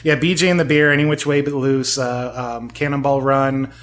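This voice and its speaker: A man's voice: mid-range voice, flat delivery, normal speed, fairly bright tone. A man in his forties chatting as an interview guest, rambling and self-mocking, laughing often. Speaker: guest, audio drama maker. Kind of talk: casual interview chat.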